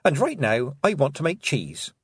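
A man voicing a calm, firm young girl witch who speaks in a measured way. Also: fairly high pitch, husky, no echo, clean studio sound, pitched above the performer's own voice, heavily acted.

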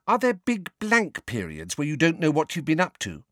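A man doing a blunt fierce young girl, high voice, wide swings, dry. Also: huge pitch swings, moderate pace, dry recording. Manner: blunt, cool, forceful.

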